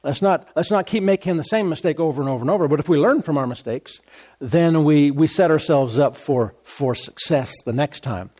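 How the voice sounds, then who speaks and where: A man's voice: on the high side, brisk, a little mellow. A man preaching a sermon as a pastor, in a conversational tone, repeating phrases and asking the congregation "Amen?".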